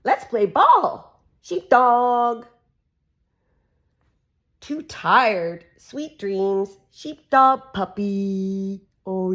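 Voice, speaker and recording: A woman reading a farm animal picture book aloud to a small child, making the animal sounds in a sing-song way. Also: fairly high pitch. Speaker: reader for a child.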